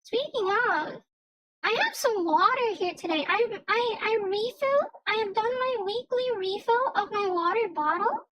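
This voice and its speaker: Very high-voiced young woman streamer. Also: lively intonation, unhurried, a bit bright, poor audio. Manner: rambling, stammers and restarts often. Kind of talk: casual livestream chat.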